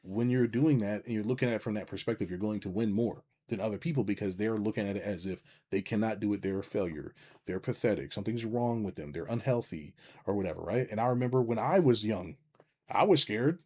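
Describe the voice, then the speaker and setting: A middle-aged man giving a blunt, profane, animated rant as a business coach, talking to his livestream viewers and reading their chat. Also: on the low side, fairly quick.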